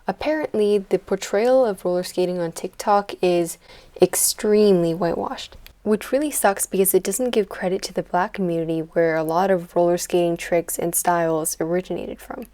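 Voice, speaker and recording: A woman's voice: fairly low pitch, normal speed, dark tone. A teenage girl narrating her own vlog in a chatty, playful, self-deprecating way. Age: teens. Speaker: vlogger. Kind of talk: casual voice-over narration.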